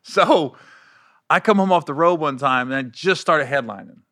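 A man's voice: on the high side, moderate pace, no room sound, studio quality. A man, a comedian, chatting casually and acting out quotes from his own stories. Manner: animated, laughing, acts out quotes. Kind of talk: casual storytelling chat.

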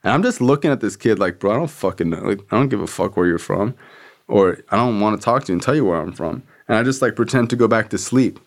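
Candid man with a low voice. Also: animated, fast. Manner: loose and candid, heavy on "like" fillers and swearing. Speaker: podcast host. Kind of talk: casual personal storytelling.

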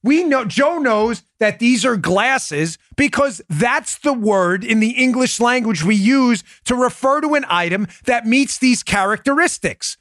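A man's voice: extremely high pitch, lively intonation, unhurried, hardly any pauses, fairly bright tone, no room sound, clean studio sound. A man hosting a political commentary show, talking in an emphatic, mocking, sarcastic way. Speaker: podcast host.

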